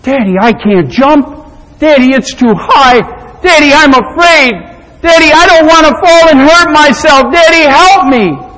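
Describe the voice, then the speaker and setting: A man voicing a terrified little boy who cries out high and loud, pleading. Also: measured pace, exaggerated voice. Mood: frightened pleading. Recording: long hall reverb.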